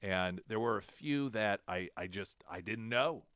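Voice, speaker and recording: A low-pitched man hosts a talk radio show, recorded dry and close in the studio. He tells a story about himself in a chatty, self-mocking way, and he acts out both sides of the conversation. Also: unhurried, smooth, no echo. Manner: self-deprecating, animated retelling with quoted dialogue. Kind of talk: casual storytelling on air.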